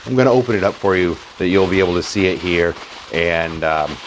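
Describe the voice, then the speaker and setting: A man's voice: sits low, brisk. A man hosting his woodworking channel, chatting casually through an unboxing and narrating what he does as he goes. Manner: chatty, self-narrating, easily amused. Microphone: phone camera. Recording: noisy phone recording.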